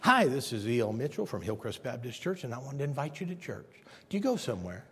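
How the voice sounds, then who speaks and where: A man preacher voicing a frail, gravely ill older churchman who stays cheerful and eagerly invites everyone to church. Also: medium pitch, big pitch swings, quick pace, fairly bright tone, voice pushed down, full character voice. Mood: polite.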